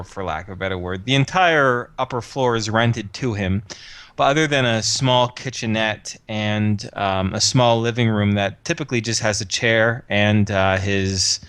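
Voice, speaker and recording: A male game master narrates a tabletop role-playing game in an easygoing way. He fills his sentences with ums and little chuckles. His voice has a middle pitch and a close, dry sound. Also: a bit bright, no echo. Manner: casual, chuckling often, many fillers.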